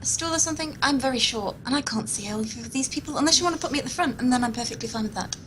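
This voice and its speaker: Woman player, cheeky in-character banter, fairly high voice, faint noise behind. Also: racing, a bit bright. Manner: playful, cheeky.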